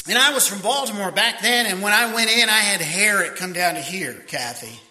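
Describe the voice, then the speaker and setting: A man's voice: high-pitched, expressive, a little fast, pushed and bright. An older man preaching a sermon in a folksy, humorous way, telling stories with many restarts. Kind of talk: sermon with storytelling.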